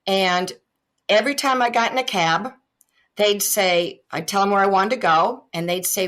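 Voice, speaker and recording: A woman from Iowa, a guest on a podcast, telling humorous anecdotes in a relaxed, chatty way over a remote connection. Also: medium pitch, normal speed. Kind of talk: casual storytelling interview. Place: remote call.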